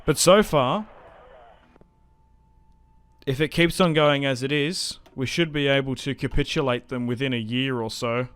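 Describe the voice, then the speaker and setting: A young man giving casual, chatty commentary while playing a strategy game, getting excited and laughing often. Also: mid-range voice, a little slow, long pauses, clean tone, no echo. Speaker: gaming YouTuber.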